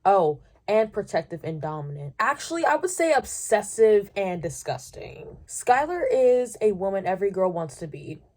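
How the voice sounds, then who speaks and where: Young woman, casual vlogger, mid-pitched, sarcastic and animated while reading reviews. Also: moderate pace, few pauses. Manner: sarcastic, animated, reads reviews aloud then reacts. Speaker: booktuber reviewing romance novels. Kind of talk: casual chatty book review.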